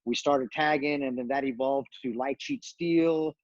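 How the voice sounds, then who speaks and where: A middle-aged man, a guest on a podcast, telling backstage stories in a casual, animated way and acting out what others said. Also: mid-range voice, measured pace, no room sound, muffled recording. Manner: animated storyteller, acts out quoted voices, many fillers. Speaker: guest, retired pro wrestler. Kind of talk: casual storytelling interview.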